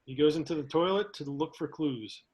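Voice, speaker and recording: A man's voice: fairly high pitch, moderate pace, a little mellow. A man reading the stage directions aloud in a casual table read, laughing and stumbling now and then. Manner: reads narration with laughs and slips.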